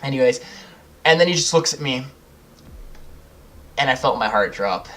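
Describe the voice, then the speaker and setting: Over gameplay, a young gaming channel host tells a meandering personal story, cursing liberally and laughing along the way. He speaks in a mid-range voice at a moderate pace, animated, with a pushed, bright quality.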